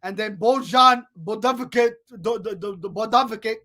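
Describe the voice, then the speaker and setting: Excitable high-voiced sports podcast man. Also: moderate pace. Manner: excitable, repeats "folks" and "ladies and gentlemen", many restarts. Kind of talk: solo sports podcast, scores and picks.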